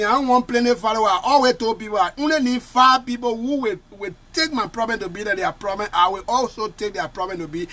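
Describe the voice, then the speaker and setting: A man's voice: high-pitched, a bit bright. A man hosting a live call-in show, impassioned and close to tears, often repeating himself. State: tearful. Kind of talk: emotional live call-in talk.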